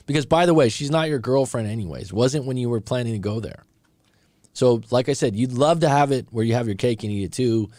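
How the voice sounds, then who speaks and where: Fairly quick and mid-range, with a darkish tone and no room sound, a middle-aged man runs a live breakup coaching stream. He answers a viewer's story bluntly and conversationally, addressing him as bro while repeating himself and restarting sentences.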